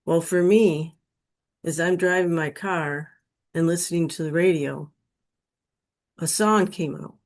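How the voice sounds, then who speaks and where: A woman's voice: lowish voice, darkish tone. A woman telling her personal near-death experience story in an earnest, emotional way. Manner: slow, earnest, emotional retelling.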